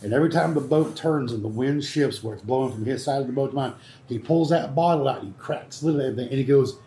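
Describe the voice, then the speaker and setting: A man telling a profane story in lively casual chat. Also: mid-range voice, fast. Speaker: show regular. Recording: echoey room with faint background noise.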